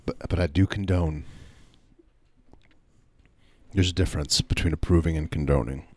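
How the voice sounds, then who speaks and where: A man co-hosting a comedy podcast, playing along deadpan with halting, restarting sentences. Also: very deep voice, no echo. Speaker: podcast co-host. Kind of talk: improvised comedy banter.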